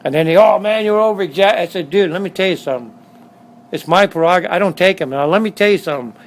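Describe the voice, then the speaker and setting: A man's voice: fairly high pitch, very fast, poor audio. Blunt streetwise Southern Californian man. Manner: blunt, streetwise, repeats himself. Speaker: motorcycle shop owner. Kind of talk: casual storytelling interview. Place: his motorcycle shop.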